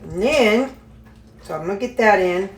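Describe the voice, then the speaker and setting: A woman's voice: mid-range voice, lively intonation, normal speed. Chatty woman in an echoey kitchen. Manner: chatty, folksy, talks to viewers as y'all. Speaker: home cooking vlogger. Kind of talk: casual cooking vlog chat. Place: home kitchen. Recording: echoey kitchen with dish clatter.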